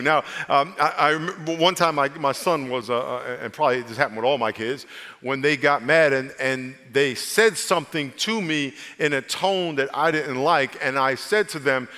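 A male pastor preaching a lively, humorous sermon, drawing his congregation into call-and-response. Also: on the high side, moderate pace. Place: church sanctuary. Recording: long reverb of a church hall.

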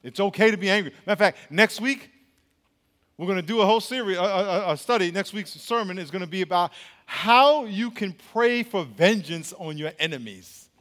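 A man's voice: high-pitched, expressive, normal speed, a bit bright, long reverb tail. A man preaching a sermon as pastor, speaking emphatically and quizzing the congregation with questions.

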